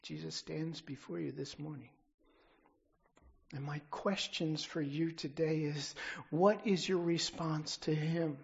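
Slow, husky preacher delivering a sermon. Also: mid-range voice, fairly even intonation, dull audio. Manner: emphatic, building to loud declarations. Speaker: pastor.

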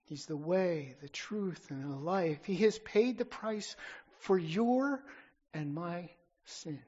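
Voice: mid-range voice, slow pace, warm tone, breathy edge, highs cut off. A pastor preaching a sermon with emphatic declarations that build and then drop back down.

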